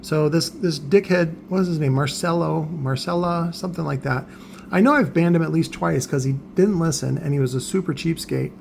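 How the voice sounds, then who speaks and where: A man's voice: a little high, normal speed, vocal fry, darkish tone, a little hiss or hum. An older man ranting bluntly and scornfully, swearing freely in a vlog. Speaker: car audio seller.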